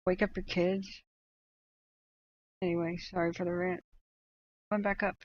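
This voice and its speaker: A woman hosts a casual livestream, chatty and animated, slipping into rants between fillers and laughs. Her voice sits at a middling pitch. The audio is dull and a little lo-fi. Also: unhurried, slight background noise. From United States. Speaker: livestream host tracking wildfires.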